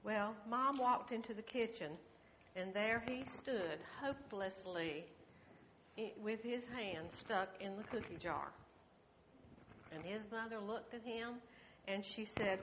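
An older woman giving a children's sermon in a church, telling a story gently and asking the children questions. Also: mid-range voice, takes it slowly, background noise. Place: church sanctuary.

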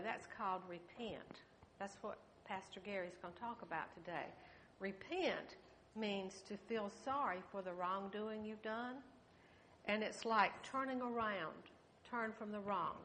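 An older woman leads a children's sermon in a church. She tells the story gently at a middle pitch and stops often to ask the children questions. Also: slight background noise. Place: church sanctuary.

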